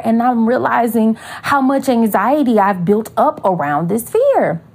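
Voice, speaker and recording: Husky woman telling a story, lots of slang. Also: fairly high pitch, moderate pace, hardly any pauses. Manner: animated, slangy, acts out quoted voices. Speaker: podcast host. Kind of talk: casual storytelling monologue.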